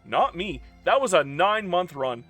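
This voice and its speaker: Animated, bright-voiced man ranting at a game. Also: sits high, normal speed, faint music behind. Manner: outbursts of loud disbelief, then ranting and gloating. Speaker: strategy game video creator. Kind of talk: gameplay commentary.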